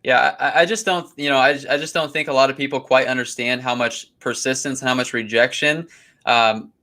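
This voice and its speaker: A man's voice: mid-range voice, fairly even intonation, a little fast, sharp tone. A man hosting a casual interview and chatting eagerly, often repeating his words. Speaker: podcast host.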